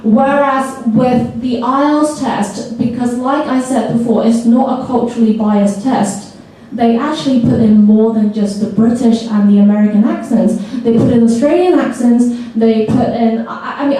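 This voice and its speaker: A woman's voice: fairly high pitch, normal speed, mellow. A woman presenting a training seminar to teachers. She keeps checking in with "okay?" and acts out how students react. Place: school hall or classroom. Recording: echoey room, voice from far off.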